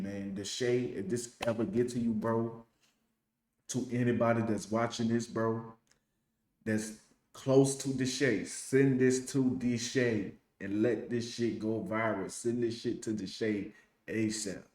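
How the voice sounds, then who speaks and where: A man's voice: mid-range voice, fairly even intonation, measured pace, darkish tone. Blunt profane man, roomy echo. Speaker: reaction video host. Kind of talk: heated commentary.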